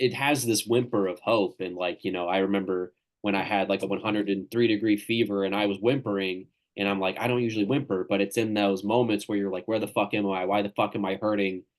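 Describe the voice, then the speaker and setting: A man's voice: on the low side, steady tone, a little fast. A man from Tennessee, casually hosting a literary reading on a video call, rambling and enthusiastic. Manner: loose, rambling and enthusiastic, with crude jokes. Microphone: video call microphone.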